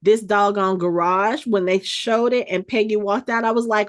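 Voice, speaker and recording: A woman co-hosting a podcast, casually recapping an episode with animated, chatty storytelling. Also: medium pitch, normal speed, few pauses. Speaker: podcast co-host.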